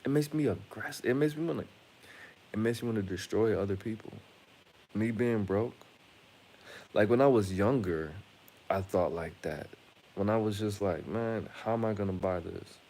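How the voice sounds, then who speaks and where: Rambling, blunt man with a low voice. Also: moderate pace, long pauses, dark tone, slight background noise. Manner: rambling, blunt, profane, frequent restarts. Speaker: channel host. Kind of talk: casual monologue to camera.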